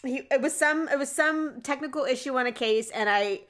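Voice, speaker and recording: A woman in her thirties co-hosting a podcast in casual chat, with quick reactions and easy laughter. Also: high-pitched, fairly bright tone. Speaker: podcast co-host.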